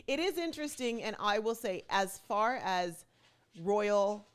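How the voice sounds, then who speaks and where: A woman's voice: mid-range voice, a little slow, clean tone. A woman hosting her own vlog in a casual, chatty way, rambling and correcting herself with playful asides. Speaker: vlog host.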